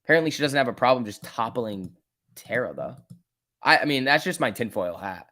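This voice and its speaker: A man hosting a live stock trading stream, reading chat questions aloud and muttering about charts, then bursting out excitedly when prices move. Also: mid-range voice, brisk. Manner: casual, swings from mutters to excited outbursts. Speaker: stock trading livestream host.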